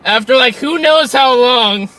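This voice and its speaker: A man's voice: extremely high pitch, measured pace, pushed and bright. A young man co-hosting a casual film review chat, rambling and leaning on "like" with frequent restarts. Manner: rambling, fills with "like" constantly, restarts a lot. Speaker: podcast co-host.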